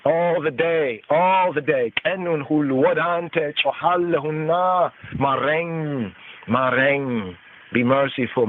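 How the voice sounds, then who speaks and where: A man leads a slow devotional scripture study, chanting each verse and then turning its words over one at a time. His voice sits fairly high and moves at an unhurried pace. It comes through as thin, tinny phone-line audio. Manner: chanting verses, then repeating and expounding word by word. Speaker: podcast host teaching scripture.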